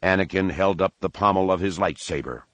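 A man reading a novel as narrator, in steady, even storytelling. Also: sits low, brisk, no room sound. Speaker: audiobook narrator. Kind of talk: scripted narration.

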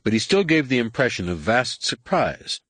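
A man narrating an audiobook with an expressive, varied delivery. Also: medium pitch, normal speed, slightly rough, no echo. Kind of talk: scripted narration.

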